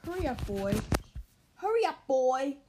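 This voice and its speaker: Woman doing a bullying uncle, blustering, bellowing, slightly high voice. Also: unhurried, background noise, lightly acted. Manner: loud bellowing, stammering when scared.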